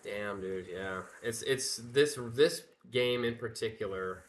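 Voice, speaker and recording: A man's voice: fairly low pitch, takes it slowly, a little hiss or hum. A man commentating his live speedrun, nervous and apologetic, stammering and restarting his sentences.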